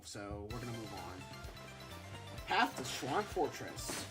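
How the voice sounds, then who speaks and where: A woman's voice: rumbling low, big pitch swings, slow, pauses often. A woman giving casual, wry commentary while playing a video game, with chatty joking asides. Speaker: let's play gamer. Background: game music.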